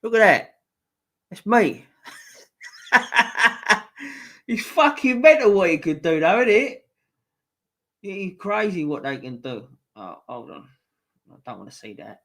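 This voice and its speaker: A man's voice: high voice, sing-song, slow pace, pauses often, bright, forceful tone. A man hosting a casual live stream, reading viewer comments aloud and swearing freely as he chats. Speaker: livestream host reading chat.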